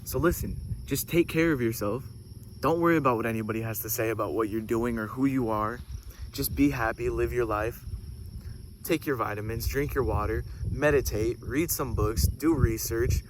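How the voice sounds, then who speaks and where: Man, casual spiritual talk, excitable and preachy, average pitch, faint insect noise outdoors. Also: normal speed. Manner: excited, preachy, swears casually, goes off on tangents. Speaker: host.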